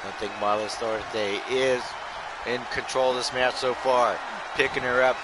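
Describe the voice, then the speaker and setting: A man's voice: mid-range voice, level tone, measured pace, a loud crowd. Guy doing chill play-by-play on a wrestling game stream, lots of "folks", game noise going in the back. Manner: loose play-by-play, often addressing "folks", joking asides. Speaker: host and play-by-play commentator. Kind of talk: live-streamed video game wrestling commentary.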